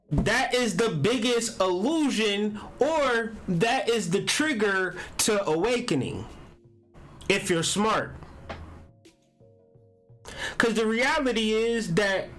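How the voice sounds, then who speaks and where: A man's voice: high voice, animated, slow, fairly bright tone, faint music behind. A man hosting a spiritual astrology and tarot video, talking casually in a meandering, emphatic way with casual swearing. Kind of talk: casual spiritual talk to camera.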